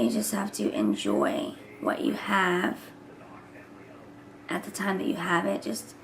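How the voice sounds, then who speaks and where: Talking to camera, a vlogger and mother in her thirties rambles casually, at times dropping to a whisper. Her medium-pitched voice sounds gravelly as it recovers from hoarseness, and there's slight background noise.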